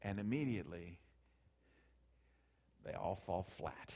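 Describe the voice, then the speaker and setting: A man preaching a sermon, building from hushed passages to loud, emphatic peaks. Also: mid-range voice, expressive, measured pace.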